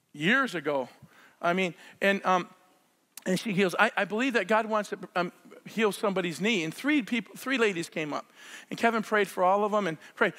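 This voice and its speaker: A middle-aged man preaching a sermon, telling healing stories with excited shouts and laughter. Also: sits high, long reverb tail. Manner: excitable storyteller, shouts and laughs while acting out scenes. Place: church sanctuary.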